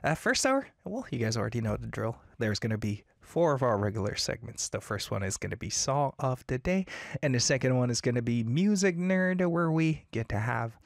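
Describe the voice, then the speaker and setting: A man's voice: medium pitch, a little fast, gravelly, no room sound, clean studio sound. A man hosting a casual live radio show, reading listener chat messages in a playful, upbeat way. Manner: upbeat, playful, reads listener messages aloud with bursts of excitement.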